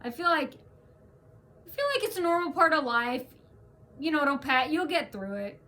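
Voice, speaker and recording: A woman's voice: high-pitched, expressive, normal speed, pushed and bright. A woman venting in a casual, rambling vlog rant, restarting her sentences and stressing her points. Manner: rambling, restarts often, emphatic. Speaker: vlogger.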